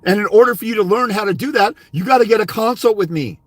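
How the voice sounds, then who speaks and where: Male consultant, high-pitched and dry. Berating, profane livestream ranter. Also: quick pace, no room sound. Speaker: fathers' rights consultant. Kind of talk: ranting livestream monologue.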